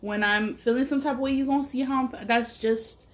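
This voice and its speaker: A woman's voice: high voice, steady tone, fairly quick. A woman and mother telling a personal story while eating on camera, talking in a blunt, emphatic way, swearing freely and speaking openly about her feelings. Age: adult parent. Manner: candid and emotional. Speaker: mukbang vlogger.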